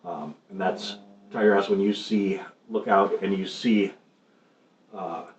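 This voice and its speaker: A man narrating as game master of a tabletop game, halting with many ums and restarts. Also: sits low, steady tone. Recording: roomy, muffled stream audio with faint noise.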